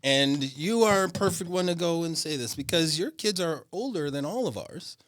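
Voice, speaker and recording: A man's voice: a little high, animated, normal speed, fairly bright tone. A man co-hosting a podcast, chatty and laughing easily. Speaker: podcast co-host. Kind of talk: casual chat.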